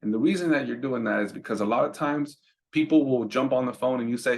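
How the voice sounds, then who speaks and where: Brisk and mid-range in pitch, a man gives an informal how-to on taking business calls as a roadside business trainer. He speaks conversationally, doubles up on words, and often tosses in "right?"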